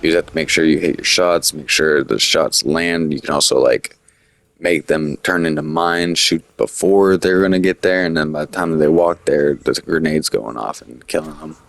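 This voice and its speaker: A man's voice: very deep voice, normal speed, gravelly, dry recording. A man giving casual, rambling gameplay commentary, full of fillers and restarts, with the hiccups. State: has the hiccups. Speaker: gaming commentator.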